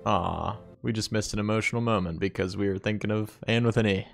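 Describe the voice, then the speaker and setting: A man's voice: on the low side, steady tone, brisk, vocal fry, faint music behind. A man hosting a movie reaction, chatting casually and joking around. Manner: joking, playful.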